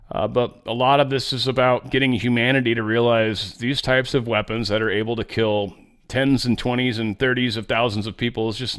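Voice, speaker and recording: A man's voice: mid-range voice, a bit bright, clear, resonant tone. A man hosting a casual political commentary monologue, blunt and rambling, often stammering and repeating words. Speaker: host.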